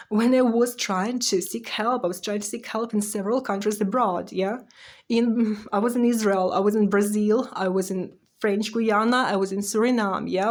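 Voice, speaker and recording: A woman's voice: mid-range voice, darkish tone. Woman, aggrieved testimony. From Russia. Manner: ends phrases with a questioning "yeah?"; urgent, aggrieved, with short nervous laughs. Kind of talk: emotional personal testimony.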